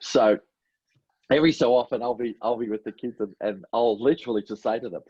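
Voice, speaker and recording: Ein Mann mittleren Alters mit australischem Akzent, der als Co-Moderator locker und selbstironisch plaudert. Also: male voice, medium pitch, fairly quick, mellow, dry recording. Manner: easygoing, laughs along, self-mocking. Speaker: co-host. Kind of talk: casual comedy chat. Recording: dull, husky, dry lo-fi sound.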